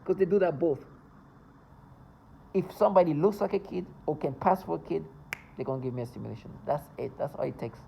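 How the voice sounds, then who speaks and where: A man's voice: fairly high pitch, fairly quick, vocal fry, pauses often, highs cut off, a little hiss or hum. A man talking to camera in a casual, rambling monologue, agitated and full of stumbles and restarts. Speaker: vlogger.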